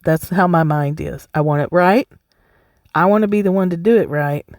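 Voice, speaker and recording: A woman's voice: on the low side, moderate pace, a little mellow, no room sound, clean studio sound. A woman hosting a solo podcast, talking bluntly and emphatically, swearing freely and laughing often. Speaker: podcast host. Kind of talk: casual solo podcast talk.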